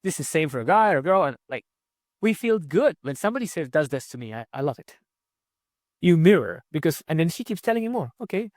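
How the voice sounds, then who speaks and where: Lively male communication coach. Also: a little high, a little fast, no echo, studio quality. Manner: energetic, repetitive, with frequent tag questions. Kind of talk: online course lecture.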